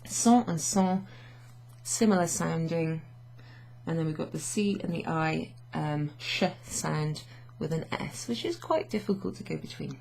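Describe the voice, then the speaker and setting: A young woman at the standing desk in her home office gives a chatty, casual French lesson, laughing a lot and mixing in English. Her low voice has vocal fry and is a little mellow, her pace is measured, and a little hiss or hum can be heard.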